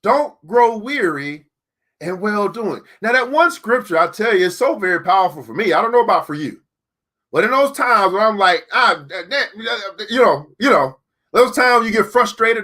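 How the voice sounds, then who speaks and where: Man, motivational teaching talk, preacher-like cadence, high voice, addresses listeners directly. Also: expressive, bright, forceful tone. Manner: emphatic, preacher-like, repeats key lines slowly. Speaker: teacher and book club host.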